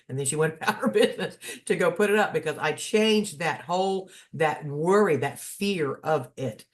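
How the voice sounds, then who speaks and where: A man's voice: on the high side, normal speed, few pauses. A man in a casual spiritual chat, folksy and storytelling, slipping into preachy asides. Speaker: spiritual podcast co-host.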